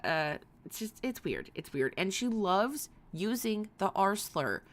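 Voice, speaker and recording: A woman's voice: medium pitch, sing-song, a little slow. A woman hosting a casual livestream, talking in a sarcastic, rambling way and swearing now and then. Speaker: livestream host.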